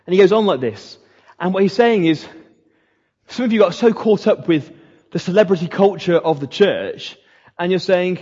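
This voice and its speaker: Preaching a sermon, a pastor talks in a chatty, conversational style and drifts into mocking asides, his intonation lively and his pace moderate. His fairly high voice is a bit husky and a little mellow. The recording is dull and lo-fi, with a long echo off the church hall.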